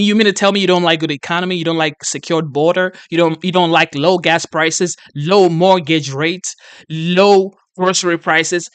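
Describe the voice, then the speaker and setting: Earnest reaction-video host, smooth dry voice. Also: medium pitch, dry recording. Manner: earnest, preachy, exasperated. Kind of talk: casual reaction commentary.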